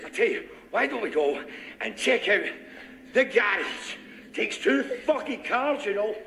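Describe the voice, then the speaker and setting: A sadistic gloating gangster. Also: male voice, sits high, very animated, unhurried, creaky, reverberant, noisy background, exaggerated voice. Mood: mocking. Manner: mocking, taunting, laughing cruelly. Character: sadistic gloating British gangster, middle-aged man.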